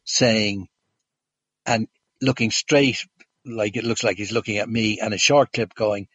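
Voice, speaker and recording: Husky man telling a story. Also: fairly low pitch, steady tone, measured pace, fairly bright tone, muffled recording. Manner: hesitant, many fillers and restarts. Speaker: guest. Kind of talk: casual storytelling.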